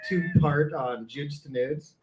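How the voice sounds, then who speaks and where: A man hosting a casual comedy podcast, quick and joking as he leads the group. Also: a little high, fairly even intonation, darkish tone, roomy sound, far from the mic, a little hiss or hum, low-quality recording.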